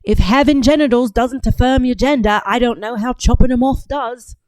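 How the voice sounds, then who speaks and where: A woman's voice: fairly high pitch, normal speed, darkish tone, no echo. A woman hosting a casual livestream, reading out chat and talking in a brash, profane, drawling way.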